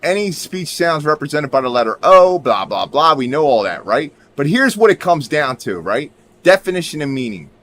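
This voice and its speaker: Lively man tagging "right?" onto everything. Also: fairly high pitch, normal speed. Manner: keeps checking in with "right?", emphatic, swears. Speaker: video creator. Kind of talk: casual screen-share commentary.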